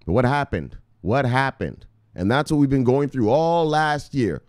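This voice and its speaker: A man's voice: mid-range voice, expressive, moderate pace, a little mellow, no echo, studio quality. A man hosting a crypto video, ranting in a fired-up, preacher-like way, swearing constantly and repeating himself. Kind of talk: profane ranting commentary.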